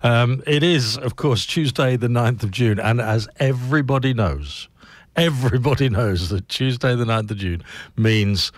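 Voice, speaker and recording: A man's voice: mid-range voice, lively intonation, moderate pace, no room sound. A man hosting a radio breakfast show, chatting casually and rambling in a self-deprecating way. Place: radio studio. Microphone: close studio mic.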